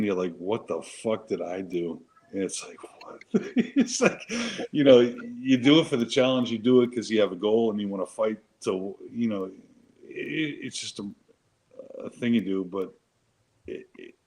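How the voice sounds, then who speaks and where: Brief: male co-host, ex-Marine, deep-ish voice, swears constantly, rambling chatty storyteller. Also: darkish tone, rough recording. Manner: profane, emphatic, rambling with restarts. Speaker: show co-host, Marine veteran. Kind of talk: casual chat, storytelling.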